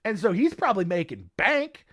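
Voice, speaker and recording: A man's voice: high-pitched, wildly swooping pitch, fairly quick, a bit bright, husky. A man hosting a casual history podcast, jokey and rambling, with many filler words. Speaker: podcast host.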